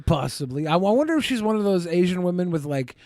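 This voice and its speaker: A man's voice: high-pitched, sing-song, fast talker, darkish tone, dry recording. A man co-hosting a podcast, talking in crude, mocking casual banter. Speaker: podcast co-host.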